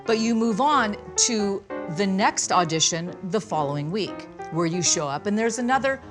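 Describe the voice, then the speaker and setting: A woman guest, a former dancer, telling a lively story in a talk-show interview. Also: mid-range voice, moderate pace, music in the background.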